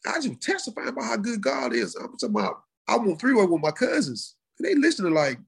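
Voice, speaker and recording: A middle-aged man, telling his life story in a casual, animated way. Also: quick pace, gravelly, breathy edge. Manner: animated, acts out quoted voices in high pitch. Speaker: guest sharing his testimony. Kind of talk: conversational storytelling.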